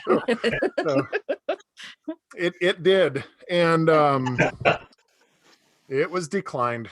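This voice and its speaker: A man's voice: fairly high pitch, very slow, long pauses, no echo. A middle-aged man doing a stand-up comedy set over a video call, telling rambling stories and laughing at his own jokes.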